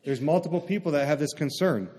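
A man's voice: on the high side, fast talker, mellow. A man preaching a sermon in a conversational way, often checking in with his listeners by asking "right?". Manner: conversational, asks the congregation "right?". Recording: long reverb of a hall.

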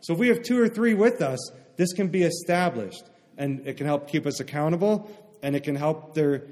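A man preaching in a relaxed, conversational way, with a voice that sits a little high for a man. He often pauses to ask his listeners "right?". His voice rings out into a long hall reverb. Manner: conversational, asks the congregation "right?". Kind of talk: sermon.

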